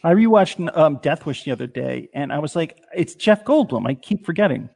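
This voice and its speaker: A man in a casual chat, eagerly sharing movie trivia in quick asides. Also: on the high side, lively intonation, creaky, darkish tone. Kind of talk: casual chat about old films.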